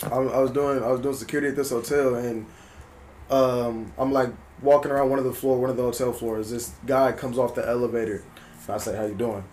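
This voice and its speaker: A young man from South Berkeley chatting on a podcast at an ordinary middle pitch. He talks loosely, with plenty of slang and filler words. A soft hum of room noise sits under the voice. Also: brisk. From South Berkeley, California. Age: 20s. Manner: relaxed slang-heavy, many "like" fillers. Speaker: podcast co-host. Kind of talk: casual chat.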